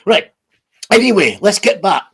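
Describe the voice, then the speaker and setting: A man rants through a casual vlog, swearing freely and rambling. His voice is unusually high for a man and noticeably husky. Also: big pitch swings, moderate pace. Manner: sweary, rambling, laughs often. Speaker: YouTube host.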